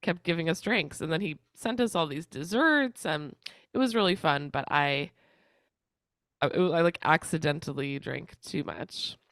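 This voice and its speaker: A woman's voice: low-pitched, normal speed, a bit bright, no room sound, studio quality. A young woman co-hosting a casual podcast, congested and chatty, rambling with lots of fillers. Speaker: co-host.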